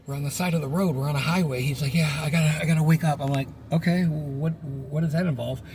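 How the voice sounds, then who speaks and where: A middle-aged man rambles through a casual, joking story and slips into voices for the people in it. His voice sits a little high for a man. A faint hiss of noise runs under the recording. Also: a little mellow. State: sunburned. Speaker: vlogger telling a personal story.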